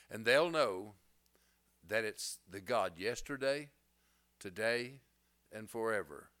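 A man's voice: lowish voice, lively intonation, slow pace, pauses often, fairly bright tone. A middle-aged male pastor preaching a sermon, folksy and plainspoken, rising to emphatic bursts.

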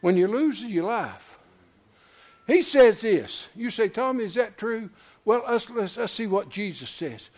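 An older man preaching a sermon, telling a folksy story and swinging from low murmurs to loud high exclamations. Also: big pitch swings, measured pace. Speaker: pastor.

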